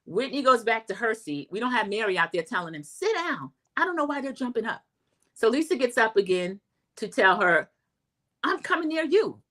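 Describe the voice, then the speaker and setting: A woman's voice: animated, a little fast, a bit bright. Middle-aged woman, drawl, casual recap host, chatty, mimics quotes. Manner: chatty, acts out quotes in a high voice, says "y'all".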